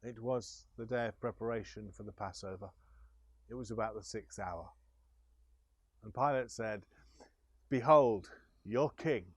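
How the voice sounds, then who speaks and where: A man retelling scripture slowly and deliberately, with small restarts. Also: on the low side, steady tone, husky, no echo. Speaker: scripture reader. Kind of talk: scripture storytelling.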